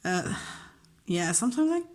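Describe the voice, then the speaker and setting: A teacher whose first language is Dutch chats casually and openly about her job, chatty and emotional, with many fillers and acted-out quotes of dialogue. Her voice is fairly low and a little mellow, with big pitch swings at a moderate pace.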